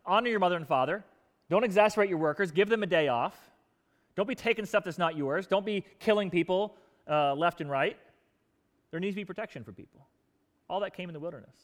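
A man preaching in church with a high-pitched, lively delivery. He tells stories with energy and acts out complaining crowds in quoted voices, his volume swinging between loud outbursts and quiet asides. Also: brisk, long reverb tail. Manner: animated storytelling, acting out grumbling crowds in quoted voices. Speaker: pastor. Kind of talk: sermon.

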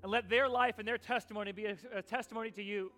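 High, bright-voiced man preaching a sermon. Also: fairly even intonation, quick pace, soft background music. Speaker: pastor.

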